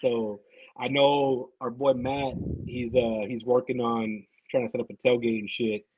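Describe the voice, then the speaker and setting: A man's voice: mid-range voice, little pitch movement, unhurried, slightly rough, narrow, tinny audio. A man guesting on a casual podcast, rambling, swearing and repeating himself as he talks.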